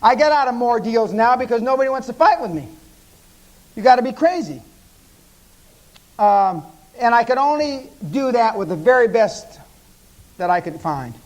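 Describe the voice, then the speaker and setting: High-pitched man, fifties, American, swearing storyteller at a seminar. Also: expressive, moderate pace, pauses often, poor audio. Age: 50s. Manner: brash storytelling with profanity. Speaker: seminar speaker. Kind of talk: live seminar talk.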